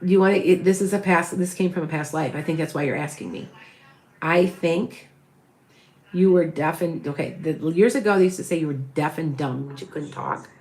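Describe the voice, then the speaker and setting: This psychic reader has a low, slightly mellow voice and keeps a moderate pace. Middle-aged and live-streaming, she thinks out loud in a rambling, repetitive way, calling out viewer names and quietly counting to herself.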